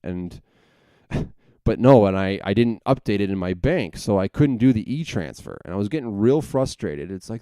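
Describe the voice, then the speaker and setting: A man's voice: fairly low pitch, lively intonation, moderate pace, warm tone, clean tone, no room sound. A young man hosting a podcast, telling a rambling, profane story full of self-corrections in a casual monologue. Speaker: podcast host.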